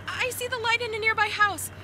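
A woman's voice: very high-pitched, fairly even intonation, brisk, music in the background. A woman voicing a frightened young woman neighbor in a game, speaking with anxious urgency. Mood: urgent. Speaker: game character. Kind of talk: scripted game dialogue.

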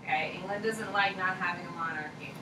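A woman high school history teacher giving a casual, joking classroom lecture, repeating key points for students to write down. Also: brisk. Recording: echoey classroom from far off, noisy.

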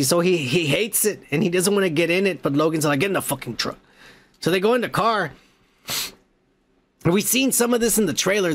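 A man hosting a podcast, excitedly recapping a movie in a casual, profane, rambling way. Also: high voice. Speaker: podcast host.

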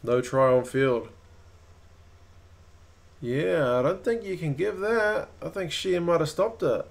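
A man with a New Zealand accent hosting a rugby watch-along, calling plays and chatting with viewers, getting quicker and higher at close calls. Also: lively intonation, vocal fry. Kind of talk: live match commentary and chat.

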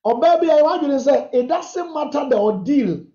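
Preaching emphatically on marriage questions, a bishop addresses his congregation in a very high, animated voice with a dark tone at a moderate pace. He switches languages freely, captured in dull, echoey lo-fi sound.

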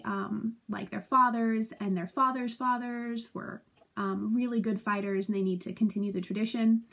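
A woman teacher giving a casual recorded lesson at home, chatty and playful, acting out quotes with giggles. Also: on the high side.

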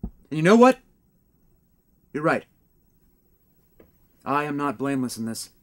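Brief: smug vampire boss with a slightly high voice and pompous corporate bluster, played by a man, for a comedy audio drama. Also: big pitch swings, measured pace. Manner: pompous pep-talk delivery, mock-sincere. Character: smug male vampire boss turned evil. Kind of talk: comic audio drama acting.

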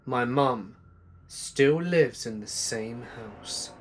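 A man reading true scary stories aloud as a narrator, slow and hushed, letting his voice sink low at the ends of lines. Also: a little hiss or hum. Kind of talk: scripted horror narration.

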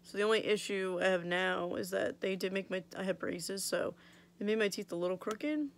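Young woman vlogger, gravelly, swears casually, chatty and candid, mouth swollen after surgery. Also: mid-range voice, normal speed, slight background noise. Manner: chatty, blunt, swears freely, lots of "like". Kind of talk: casual storytelling vlog.

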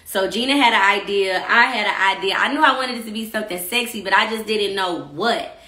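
A woman from Texas, chatting casually on her own stream with rambling asides and shout-outs to viewers. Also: mid-range voice, a little fast, reverberant. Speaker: singer hosting a live stream about her EP. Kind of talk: casual chat.

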